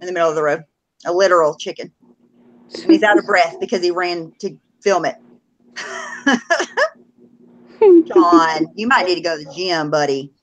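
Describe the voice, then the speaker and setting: A blunt, profane woman co-hosts a casual live-stream. Her voice sits on the lower side and swings widely in pitch as she teases and laughs. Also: lively intonation, normal speed, pauses often, a little hiss or hum, rough recording. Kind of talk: casual chat.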